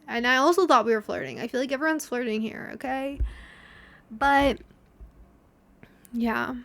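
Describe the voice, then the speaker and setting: A woman's voice: a little high, gravelly. A young woman hosting a podcast, telling a story in a chatty, self-deprecating way and acting out the lines of the people in it. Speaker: podcast host. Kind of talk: casual solo storytelling.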